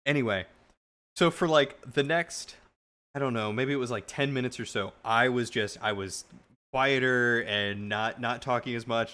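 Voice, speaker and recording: Here a man tells his live chat a lengthy story in a loose, lively way, frequently starting over mid-thought. His voice sits in the mid range, with a moderate pace and a clean tone.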